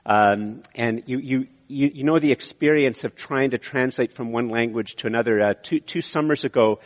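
Canadian pastor preaching in a reverberant hall. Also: male voice, medium pitch, normal speed, dull audio. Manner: animated, rising to emphatic peaks, frequent restarts and chuckles. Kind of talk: sermon.

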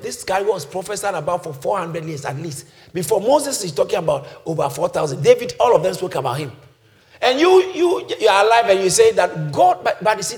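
A male pastor preaching a sermon, swinging from quiet teaching to shouted calls that the congregation answers. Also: sits high. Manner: congregation shouts back responses.

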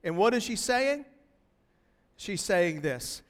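A man preaching a sermon to a church congregation, expressive and building intensity as he acts out a pleading cry. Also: high-pitched, takes it slowly, long pauses. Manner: expressive preaching, voices a pleading woman in rising tones. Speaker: pastor. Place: church hall. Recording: long hall reverb.

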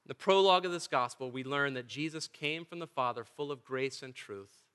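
A man's voice: mid-range voice, brisk, pushed and bright, smooth. A male pastor preaching a sermon in a church, earnest and emphatic, with touches of dry humor. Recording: long church reverb.

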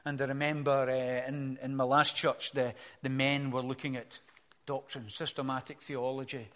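An older man preaching a sermon as pastor, earnest, swelling to emphatic peaks, then dropping soft and slow. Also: mid-range voice, level tone.

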